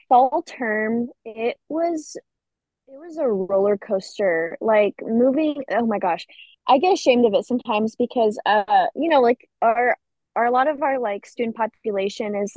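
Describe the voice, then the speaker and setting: A woman's voice: fairly high pitch, unhurried, a little mellow, no room sound. A young woman, a college student, chatting casually as a radio guest, filling her talk with "like". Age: young adult. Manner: chatty, says "like" a lot.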